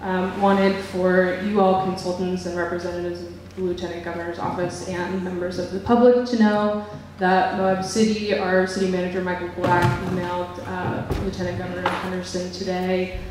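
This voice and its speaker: A woman city council member making a measured statement at a public hearing, with frequent hesitations. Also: on the low side, level tone, darkish tone, a little hiss or hum. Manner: measured, with many fillers. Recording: echoey hall, voice from far off.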